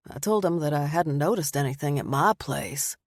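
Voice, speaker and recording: A woman voicing a warm, easygoing young man who is a bear shifter, relaxed and affectionate. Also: low-pitched, normal speed, no echo, voice pushed down. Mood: serious.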